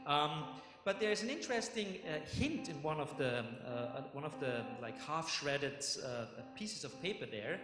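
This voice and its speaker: A man narrating as game master at a tabletop game, animated and full of fillers, in a conference hall. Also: fairly high pitch, normal speed. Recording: echoey hall with music behind.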